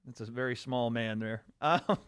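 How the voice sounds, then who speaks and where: A man's voice: mid-range voice, normal speed, smooth, a faint crowd. A man hosting a casual livestream, talking animatedly and boastfully, swearing freely, with a light Southern American accent. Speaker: streamer host.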